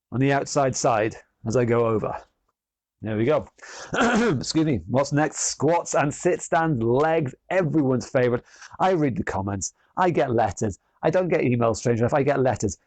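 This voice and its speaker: A man's voice: mid-range voice, a little mellow, no room sound. A man leading an online exercise class, chatty and self-mocking as he exercises along. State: exercising as he talks. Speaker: fitness instructor.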